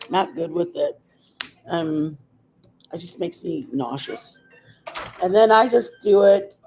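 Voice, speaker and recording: A woman's voice: fairly low pitch, darkish tone, low-quality recording. A woman hosting a casual makeup livestream, chatting in a rambling, opinionated way. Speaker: livestream host.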